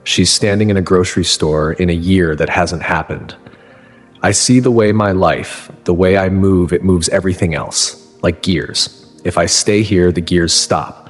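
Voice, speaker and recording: Low husky man telling his story. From Texas. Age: 30s. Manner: halting, earnest, with trailing restarts. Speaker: narrator. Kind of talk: first-person storytelling. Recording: long reverb with music underneath.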